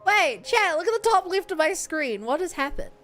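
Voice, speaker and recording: A woman's voice: extremely high pitch, moderate pace, faint music behind. A woman streamer chatting casually with her viewers and a co-player while she plays. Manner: excitable, talks to chat. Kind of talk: casual game-stream chat.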